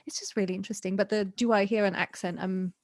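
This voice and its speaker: British woman, podcast host, animated storyteller, laughs a lot, mid pitch, dry close mic. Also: fast, dry recording. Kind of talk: casual interview chat.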